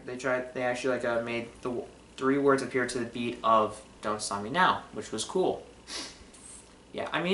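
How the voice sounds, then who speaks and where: A man's voice: mid-range voice, a bit bright, slight background noise. A man casually reviewing movie trailers, rambling with lots of fillers and restarts. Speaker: film reviewer. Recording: roomy echo.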